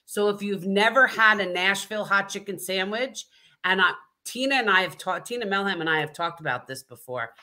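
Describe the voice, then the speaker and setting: An upbeat woman co-hosts a casual networking livestream and hands out enthusiastic shout-outs. Her voice is bright and forward, with a middle pitch. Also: brisk. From New York. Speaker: co-host, chapter president.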